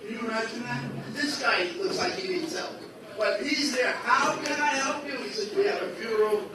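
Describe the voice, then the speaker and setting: A man's voice: extremely high pitch, normal speed, a crowd in the background. A man telling a long personal story at a religious gathering, acting out the dialogue of the people in it. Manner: acts out quoted dialogue with shifting voices. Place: large echoey hall at a school. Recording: very echoey hall, voice from far off, noisy.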